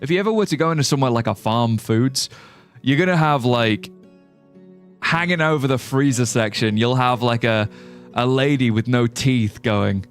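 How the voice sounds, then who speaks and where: Faint music plays behind this young man from the United Kingdom, who speaks British English at a normal speed in a mid-range voice. He's livestreaming a game, chatting loosely, cracking jokes and cursing while reading out messages from chat.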